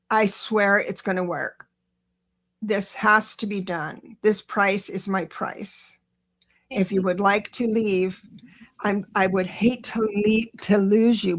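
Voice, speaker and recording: A woman hosting a live-stream tarot reading, chatty and encouraging, talking quickly with many restarts. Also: mid-range voice. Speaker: tarot reader and show host.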